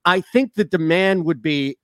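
A man co-hosting a sports radio show, telling long, animated stories in casual talk. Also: on the high side, a little slow, no room sound. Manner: rambling, animated storyteller.

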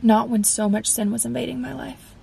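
A woman's voice: a little high, fairly even intonation, a little fast, creaky, warm tone, slight background noise, poor audio. A woman in her twenties, host of a faith podcast, telling her personal testimony in an earnest, confessional way and acting out her past conversations.

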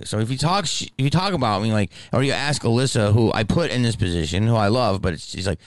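Profane, heated comedian ranting in a low voice. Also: male voice, lively intonation, quick pace, no echo. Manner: swings from mumbled asides to shouting. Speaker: comedian podcast host. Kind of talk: casual storytelling rant.

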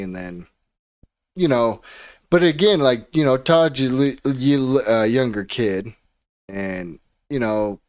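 Man, podcast co-host, meandering and filler-heavy, mid-pitched everyday voice. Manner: rambling, full of "like" and "you know". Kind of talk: casual chat.

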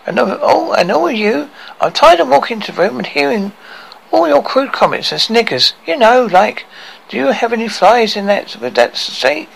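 A man putting on shrill furious Lily White. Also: sing-song, normal speed, gravelly, slight background noise, exaggerated voice, poor audio. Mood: exasperated. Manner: shrill yelling, exasperated complaining. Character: fed-up young woman, shrill and indignant.

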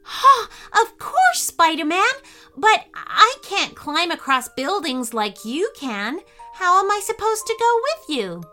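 A woman voicing an excited, wide-eyed eight-year-old boy in a storybook reading, with high, breathless exclamations. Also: slow pace, soft background music, exaggerated voice. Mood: eager.

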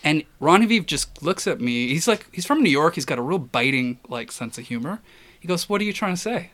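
Man, casual storyteller, bright and forceful, self-deprecating, sinks quiet when embarrassed. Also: a little high, expressive, brisk. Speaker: guest telling a story.

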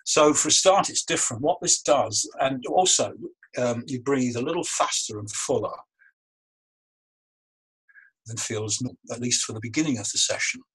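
A man with a husky, breathy edge to his voice talks through breathwork and ritual methods as an interview guest. He speaks over a remote call, pausing and restarting his sentences as he thinks. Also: medium pitch, fairly bright tone, poor audio. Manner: thoughtful, restarts phrases, many ums. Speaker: guest, magician and breathwork coach. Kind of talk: relaxed explanatory interview talk. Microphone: video call.

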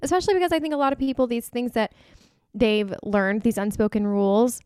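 Clear-voiced woman hosting a chat podcast. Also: fairly high pitch, a little fast, darkish tone, no room sound, studio quality. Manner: candid, storytelling. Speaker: podcast host. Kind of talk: casual podcast conversation.

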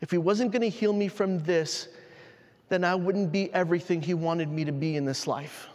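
In a large hall with long, ringing reverb, a pastor with a high, slightly mellow voice delivers a sermon. He shares a personal story haltingly and with feeling, frequently starting sentences over.

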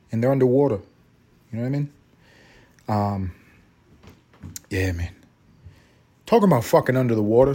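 A male podcast host talking on his own in a loose, profane monologue. He rambles from story to story and keeps catching himself on tangents. His voice sits at an everyday middle pitch. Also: darkish tone. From Puerto Rico. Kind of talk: profane solo podcast rant.

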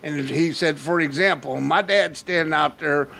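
A man's voice: on the high side, normal speed, gravelly, pushed and bright. A man co-hosting a casual podcast, telling an old joke with loose, laughing banter. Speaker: podcast co-host. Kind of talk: casual chat.

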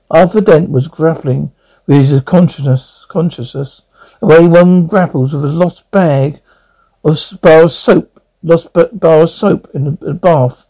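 A man's voice: a little high, measured pace, dark tone, low-quality recording. A man reading a novel aloud as narrator, often tripping over words and correcting himself. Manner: stumbling, corrects misreadings. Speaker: audiobook reader. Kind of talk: storybook narration.

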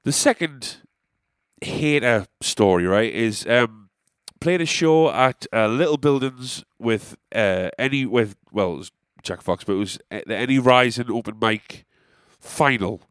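A man's voice: mid-range voice, animated, a little slow, fairly bright tone, no echo, clean studio sound. A young man, a musician, telling a rambling, self-deprecating story in casual monologue.

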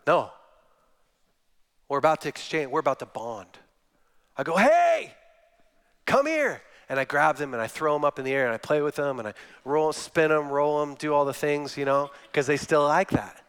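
A man's voice: a little high, fairly even intonation, normal speed, a bit bright, clear, resonant tone. A man in his thirties, a guest speaker giving a sermon, telling stories and acting out quotes. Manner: storytelling with acted-out quotes. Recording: long hall reverb.

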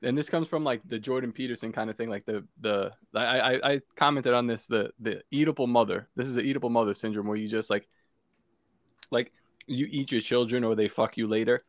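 A man's voice: mid-range voice, a little fast, no room sound, clean studio sound. A man guesting on a podcast, ranting crudely and scornfully in casual banter.

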